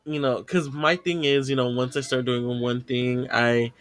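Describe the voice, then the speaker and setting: A podcast host tells a long story in relaxed conversation, cursing freely, laughing, and acting out what people said. His voice is medium in pitch with little movement, a touch slow, and a bit bright, with a clear, resonant tone.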